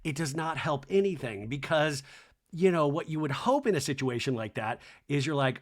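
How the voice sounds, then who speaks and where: A man hosting a podcast, recapping reality TV in a chatty, animated, profane way. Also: on the high side, normal speed. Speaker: podcast host.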